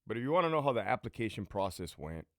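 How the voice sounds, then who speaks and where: Guy in his late 30s from socal, low voice, swears a lot, rambles on his story, dry close sound. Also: very animated, fast, a bit bright, no room sound. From Southern California. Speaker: channel host and ex-prison guard. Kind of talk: casual profane storytelling.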